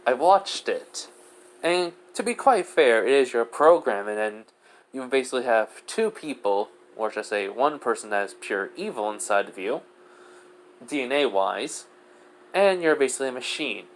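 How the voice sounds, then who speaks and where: A breezy, all-powerful goddess speaking with calm confidence, as a man puts her on. Her pitch swings widely, with a faint hiss underneath. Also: normal speed, close to an everyday voice. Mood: confident. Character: powerful shape-shifting goddess, jovial then serious.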